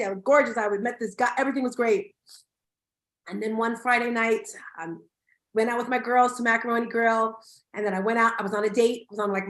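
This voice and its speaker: A woman's voice: fairly high pitch, a bit bright. A middle-aged woman hosting an online summit, telling a personal story to her audience in a heartfelt, emotional way. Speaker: summit host. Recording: echoey room.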